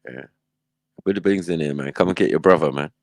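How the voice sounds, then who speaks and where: A man's voice: very deep voice, brisk, dry recording. A man hosting a livestream, reacting in casual, slangy commentary and laughing often. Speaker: livestream host.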